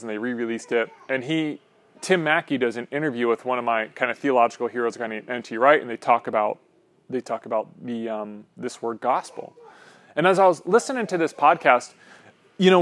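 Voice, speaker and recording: A man preaching a conversational sermon as pastor, loose and rambling, often checking in with his listeners. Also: mid-range voice. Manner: casual, rambling, frequent "um" and "right?".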